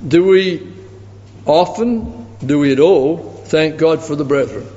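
Man, preacher, storytelling sermon, slightly high voice, long hall reverb. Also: slow, dull audio. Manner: storytelling, animated when quoting others. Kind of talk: sermon with anecdote.

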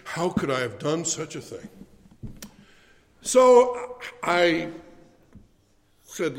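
A man's voice: fairly high pitch, sing-song, extremely slow, pauses often, big-room sound. A man preaching a sermon, telling a funny story with playful swings in his voice.

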